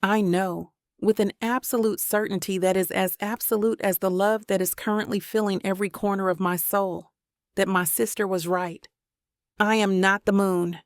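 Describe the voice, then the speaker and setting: Gravelly, even-toned woman narrating. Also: mid-range voice, moderate pace, no echo, studio quality. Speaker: audiobook narrator. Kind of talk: first-person romance audiobook narration.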